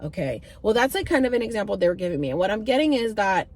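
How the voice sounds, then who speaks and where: A woman in her thirties telling stories to camera in a chatty, animated way, swearing now and then. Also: medium pitch, quick pace. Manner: chatty, animated, swears freely, many fillers. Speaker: vlogger. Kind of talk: casual storytelling to camera.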